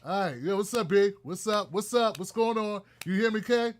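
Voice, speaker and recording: A man's voice: high voice, moderate pace, slight background noise. A man hosting his own live-stream talk show, chatting loosely and greeting viewers by name. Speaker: host.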